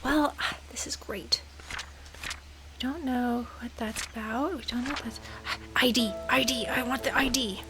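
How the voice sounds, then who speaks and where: A woman's voice: fairly high pitch, unhurried, noisy background. A woman gamer giving playful, dramatic let's-play commentary. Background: game music.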